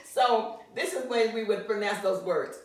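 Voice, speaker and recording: A woman teaching a Spanish lesson at a board, speaking slowly and deliberately and punching out stressed syllables. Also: medium pitch. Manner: laughs at herself. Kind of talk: classroom lesson at a whiteboard. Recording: roomy echo from far off, faint music.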